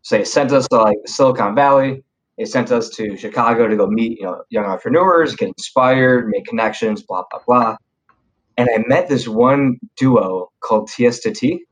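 A man's voice: medium pitch, moderate pace, poor audio. A young man telling stories on a podcast in a casual, slangy way, with lots of fillers and restarts. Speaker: podcast guest. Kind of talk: casual storytelling chat.

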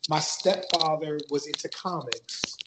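A man's voice: a little high, a little slow, heavy background noise. Laid-back chatty man from Maryland. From Maryland, USA. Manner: laid-back, loose and chatty, heavy on fillers. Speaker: podcast guest. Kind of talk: casual podcast chat.

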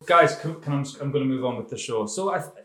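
Mid-pitched podcast host, smug and evasive, in a roomy echoey space. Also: male voice, fast talker, recorded from a distance. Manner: overconfident, deadpan, evasive. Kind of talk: comedic podcast banter.

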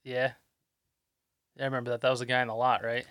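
A man co-hosting a podcast, teasing his friend with quick wisecracks and laughs. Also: mid-range voice, flat delivery, fairly bright tone, smooth, no room sound, clean studio sound. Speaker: podcast co-host. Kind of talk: casual chat.

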